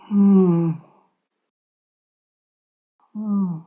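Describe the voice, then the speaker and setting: An older woman hosting a podcast, speaking softly and reflectively, often sinking into whispers between long pauses. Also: mid-range voice, slightly rough. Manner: soft-spoken, drifting into whispers, long pauses. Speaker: podcast host. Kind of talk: slow reflective spiritual talk.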